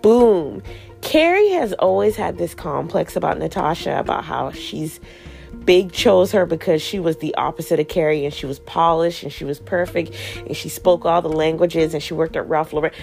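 A woman's voice: deep voice, normal speed, vocal fry, a little mellow, soft background music. A woman hosting a podcast, recapping a TV show in casual, slangy chat, swearing freely and acting out characters' lines as she retells scenes.

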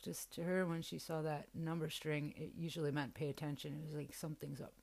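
A woman's voice: low voice, little pitch movement, fairly quick, vocal fry, darkish tone. A young woman hosting a podcast, telling a personal story in a candid, casual way and swearing freely. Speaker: podcast host.

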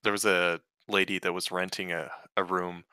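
Laid-back man from New Jersey, casual storyteller; deep, bright voice with dry, close sound. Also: flat delivery, normal speed, clean tone, dry recording. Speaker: friend in casual chat. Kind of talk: casual chat.

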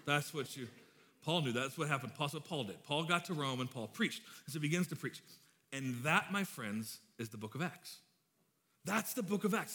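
A man's voice: fairly high pitch, lively intonation, moderate pace, sharp tone. Joking, chatty pastor, a man. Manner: joking storyteller, chatty and informal. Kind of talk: sermon.

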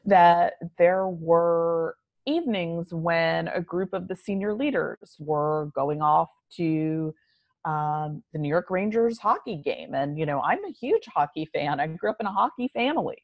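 Woman guest, reflective and unhurried, slightly low voice, dry close sound. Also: animated, no room sound, dull audio. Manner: measured, reflective, slow delivery. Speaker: podcast guest. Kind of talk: conversational interview answers.

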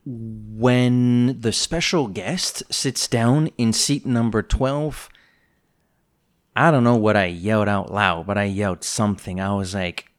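A man co-hosting a podcast, talking through a spy novel in a casual, jokey, animated way. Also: on the low side, slow. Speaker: podcast co-host. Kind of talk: casual book discussion.

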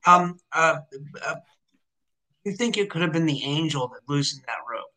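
A man cuts in with questions, hesitating and padding them with fillers. His voice is fairly high and strikingly bright. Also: lively intonation, normal speed. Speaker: interviewer. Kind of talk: casual conversation.

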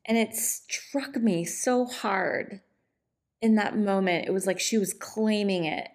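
A middle-aged woman talks slowly and unhurriedly into her podcast microphone. She chats off the cuff in a relaxed, rambling way, often pausing on "like" and "um". Her pitch sits in an ordinary middle range. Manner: relaxed and chatty, many "like"s and "um"s. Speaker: podcast host and divorce coach.

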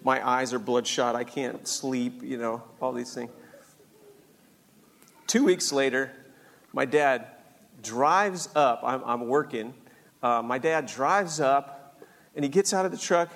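A man's voice: mid-range voice, slow pace, long pauses. An older man telling a personal faith story in an earnest, storytelling way. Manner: earnest, animated storytelling with acted-out voices. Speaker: speaker sharing a faith story. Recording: long hall reverb.

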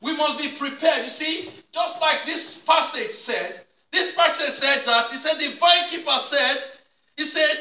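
A male pastor preaching a sermon with repeated call-and-response questions, sometimes rising to a shout. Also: very high voice, lively intonation, a little slow. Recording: echoey room, mic at a distance.

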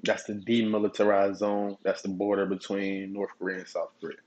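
A man hosting his own podcast, telling stories in a relaxed, profane way and chuckling often. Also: deep voice, a little fast, muffled recording. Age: adult. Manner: laid-back, profane storytelling with chuckles. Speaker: podcast host. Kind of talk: casual solo podcast monologue.

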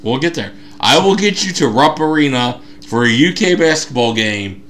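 Animated storytelling man on a podcast. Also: medium pitch, moderate pace. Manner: animated storyteller, acts out quotes. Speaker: podcast co-host. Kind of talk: casual chat.

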